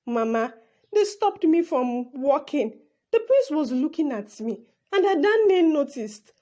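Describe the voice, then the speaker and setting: Woman voicing a gentle, pleading young maid. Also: high-pitched, very animated, slow, exaggerated voice. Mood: tearful. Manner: pleading, soft-spoken.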